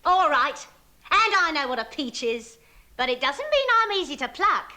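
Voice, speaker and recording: A saucy Cockney wench. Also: female voice, high-pitched, big pitch swings, normal speed, pushed and bright, exaggerated voice.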